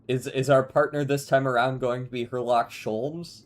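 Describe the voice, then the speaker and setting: A man's voice: medium pitch, fairly even intonation, normal speed. A man streaming a video game who chats casually and jokingly, reading game text aloud in put-on voices. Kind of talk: casual gameplay commentary.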